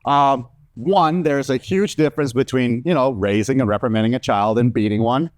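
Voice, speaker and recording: A man's voice: mid-range voice, normal speed, dry recording, clean studio sound. A man from Mexico in his thirties doing a stand-up comedy set, loose and profane, often laughing at his own jokes.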